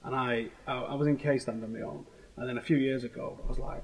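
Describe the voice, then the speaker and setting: A man in his thirties with a Manchester accent, hosting a casual chat and telling animated, slangy stories. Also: medium pitch, fast, low-quality recording. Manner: animated storytelling, heavy swearing, slangy. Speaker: host.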